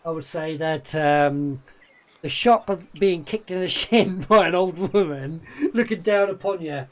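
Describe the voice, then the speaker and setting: Slow, halting male game master. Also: fairly high pitch. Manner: slow, halting descriptions with many fillers. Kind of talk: narrating a tabletop game.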